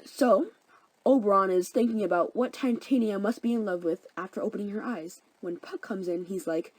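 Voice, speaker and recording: A woman's voice: mid-range voice, normal speed, breathy edge, no room sound, poor audio. A young woman narrating a comedic story summary in a chatty, sarcastic, slangy way.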